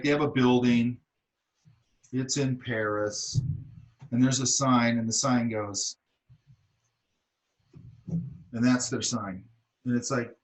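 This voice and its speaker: In a low-quality recording, a middle-aged man with a medium-pitched voice teaches an art class. He's blunt and casual in his critiques, frequently asking students "okay" and "does that make sense."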